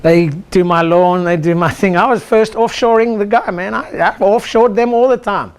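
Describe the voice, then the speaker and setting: A man's voice: high voice, moderate pace, smooth. An older man, a chiropractor, giving an exclamatory motivational seminar talk and leading the audience in call-and-response chants. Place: lecture room with a live audience.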